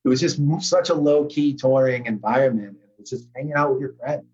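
Podcast guest: relaxed, rambling man with a husky voice on a dull, lo-fi call line. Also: mid-range voice, quick pace. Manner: laid-back, rambling with many fillers. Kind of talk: casual conversation.

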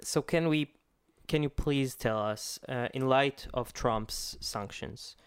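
A male co-host with a smooth, resonant voice at a medium pitch, recorded dry and close. He puts his questions to the guest in a measured, deliberate way. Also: dry recording. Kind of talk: interview questions.

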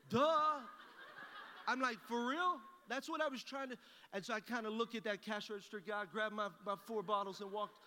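Male pastor, bright and forceful, folksy storyteller in a reverberant hall. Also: sits high, steady tone, quick pace, slight background noise. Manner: folksy storytelling, acting out both sides of a conversation. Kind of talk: sermon with a personal story.

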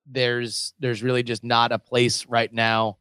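A man's voice: medium pitch, completely flat delivery, slow pace, sharp tone, clear, resonant tone, no room sound. A man co-hosting a casual movie chat, rambling with lots of fillers and restarts. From United States. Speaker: podcast co-host.

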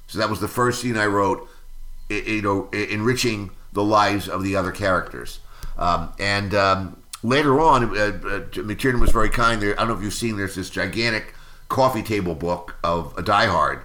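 A man's voice: on the low side, normal speed, sharp tone. An older man, a screenwriter, telling anecdotes in an interview, rambling with many fillers and restarts.

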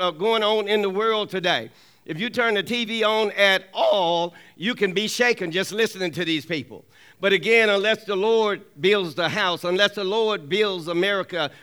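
High, bright-voiced male preacher. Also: clear, resonant tone. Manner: emphatic call-and-response preaching; repeats key lines for emphasis. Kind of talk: sermon.

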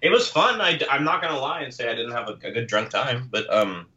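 A man's voice: mid-range voice, a little fast, sharp tone, highs cut off. A man rambling through a casual movie review, slipping in and out of joking accents. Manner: rambling, slips into mock accents. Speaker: podcast co-host.

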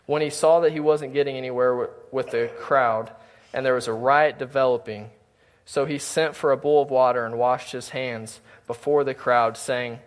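A man's voice: medium pitch, fairly even intonation, moderate pace. A male pastor preaching a sermon in a church, earnestly speaking to his congregation and reading scripture aloud. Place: church sanctuary.

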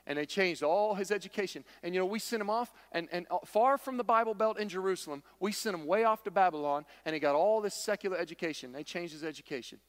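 A man's voice: sits high, fast talker, hardly any pauses, long reverb tail. A man preaching a sermon, emphatic and repetitive, with folksy humor. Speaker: pastor.

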